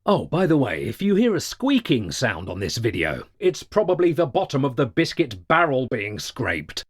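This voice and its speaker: A middle-aged man from Britain delivering a dry, deadpan comic monologue full of puns. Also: a little high. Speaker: comedy narrator.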